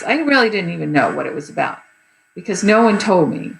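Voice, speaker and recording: A gravelly, slightly low-pitched woman in her fifties tells her story in a candid, rambling way, full of pauses. She sounds like she is in an echoey room, with a faint hiss behind her. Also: sing-song. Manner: candid, rambling with many fillers. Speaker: guest. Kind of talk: personal story in an interview.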